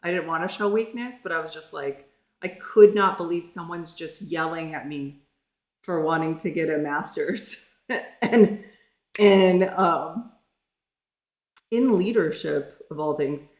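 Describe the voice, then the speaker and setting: Low-voiced woman telling a personal story. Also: unhurried, pauses often, echoey room. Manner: candid, conversational, earnest. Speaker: pharmacist telling her story.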